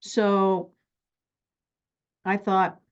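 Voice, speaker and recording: A middle-aged woman therapist teaching relationship skills and acting out stories from her life in an animated, extroverted way. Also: mid-range voice, extremely slow, clear, resonant tone, highs cut off. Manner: animated, extroverted, acts out anecdotes.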